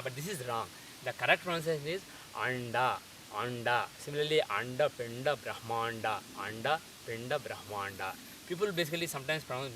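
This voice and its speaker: A man's voice: a little high, pushed and bright. Man explaining pronunciation, distant and hissy. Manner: methodical, repeats sounds slowly to demonstrate. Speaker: teacher. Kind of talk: explanatory lecture. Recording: distant mic with faint hiss.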